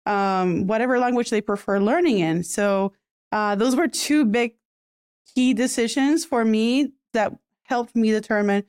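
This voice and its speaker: A woman from Puerto Rico talking casually as a podcast guest, chatty and quick to laugh. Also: fairly high pitch, a little mellow, smooth, no echo, clean studio sound. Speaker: podcast guest, bilingual content creator. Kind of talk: casual interview chat.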